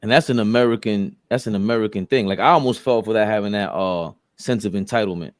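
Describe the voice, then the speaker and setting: A man's voice: fairly low pitch, quick pace, no room sound, clean studio sound. A man in a casual podcast chat, speaking reflectively and agreeably, with some hesitation and fillers.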